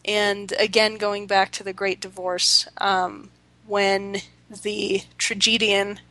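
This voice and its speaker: A woman co-hosting a casual conversation, halting and filling gaps with um and you know. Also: mid-range voice, level tone, bright, forceful tone, dry recording, poor audio. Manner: halting, with many fillers. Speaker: co-host.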